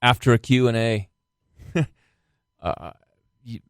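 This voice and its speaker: A man's voice: mid-range voice, slow pace, smooth, no room sound, clean studio sound. An American man, a guest actor, chatting on a podcast and rambling through stories with lots of restarts. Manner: rambling storyteller with many restarts. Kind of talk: casual podcast chat.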